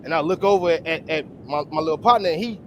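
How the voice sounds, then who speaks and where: A high-voiced man with a Houston-area Texan accent, talking in a loose, profane panel chat. He tells stories with energy and slips into the voices of the people he describes. A faint hum of noise sits behind him. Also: fast talker. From Texas. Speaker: amateur boxer, panel guest. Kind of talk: casual panel chat, storytelling.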